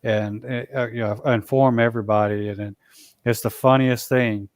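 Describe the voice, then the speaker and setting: A man telling a long story in a casual, halting way, full of fillers and restarts. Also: medium pitch, steady tone, no room sound, clean studio sound. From Alabama, US. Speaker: Bigfoot researcher guest.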